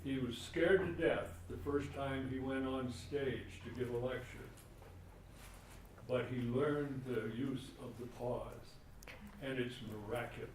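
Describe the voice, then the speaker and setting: A man in the audience of a training session, picked up from far away in a very echoey room with faint background noise. His speech is halting, and he restarts his phrases. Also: medium pitch, fairly even intonation. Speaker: workshop participant.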